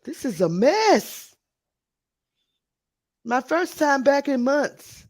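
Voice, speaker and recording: A man's voice: extremely high pitch, very animated, very slow. A man hosting a live stream podcast, chatting casually and a little scattered while he sorts out his audio.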